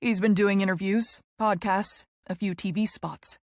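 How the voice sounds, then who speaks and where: Woman voicing a low, smirking man. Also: steady tone, a little slow, dry recording, studio quality, natural voice. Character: calm, teasing adult man, the heroine's lover.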